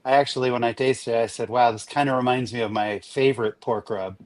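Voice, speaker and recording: A man with an average-pitched voice talks up a favorite rub in easy, enthusiastic conversation. His podcast chat is relaxed and friendly. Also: fast. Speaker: panelist.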